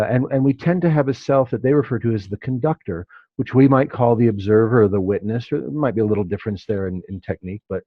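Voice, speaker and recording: A man's voice: medium pitch, dry recording. A man leading a class discussion, who acts out the inner voices he quotes. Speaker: class teacher. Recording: dull dry lo-fi recording.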